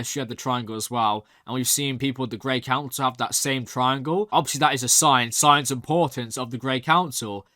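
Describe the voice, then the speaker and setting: A young man hosting a reaction channel, excitedly rambling through a recap with lots of "like". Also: medium pitch, no echo, clean studio sound. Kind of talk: casual recap and review.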